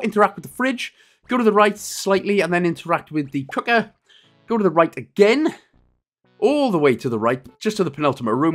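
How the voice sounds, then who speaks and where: A man in his thirties narrating a game walkthrough in a casual, rambling, joking way, his voice going a little hoarse. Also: a little high, fairly bright tone. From Wales. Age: 30s. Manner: jokey, rambling, self-deprecating asides. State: losing his voice a bit. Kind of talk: casual gameplay walkthrough commentary.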